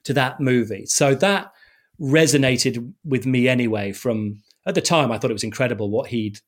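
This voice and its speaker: Man telling animated stories. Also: mid-range voice, normal speed. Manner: animated anecdotes with self-deprecating laughs. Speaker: television sports presenter. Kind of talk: conversational interview storytelling.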